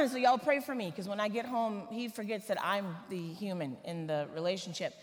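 Lively woman preaching in a hall. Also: mid-range voice, normal speed. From Atlanta, Georgia, US. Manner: lively, humorous, animated storytelling. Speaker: guest preacher. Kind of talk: church sermon, personal storytelling.

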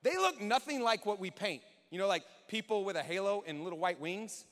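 Animated high-voiced man preaching. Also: brisk. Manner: animated, conversational preaching with acted-out quotes. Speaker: pastor. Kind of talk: sermon. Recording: reverberant hall.

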